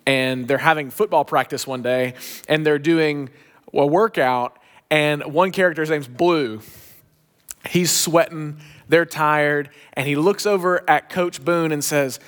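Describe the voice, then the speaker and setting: A pastor preaching a sermon, telling a story with emphatic, shifting pace. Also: male voice, fairly high pitch, a little slow, fairly bright tone.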